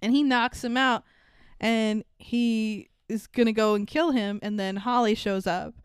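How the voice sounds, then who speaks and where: A woman co-hosting a podcast, casually recapping a movie in animated talk, swearing freely and acting out lines. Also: on the high side, a little slow, clear, resonant tone, no room sound, studio quality. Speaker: podcast co-host.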